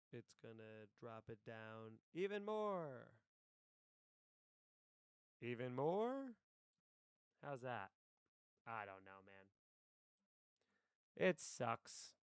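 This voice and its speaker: A man's voice: medium pitch, smooth, no echo, clean studio sound. A man chatting casually on a live stream, rambling to his chat while adjusting his microphone settings. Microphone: desk microphone.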